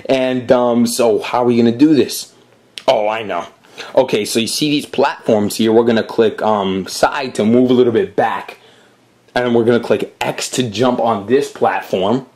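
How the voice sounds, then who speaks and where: A man with a mid-range voice talks viewers through a game, step by step. He keeps his commentary chatty and casual, with friendly asides and quick apologies for his mistakes. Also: medium pitch, a little mellow. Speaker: gameplay host.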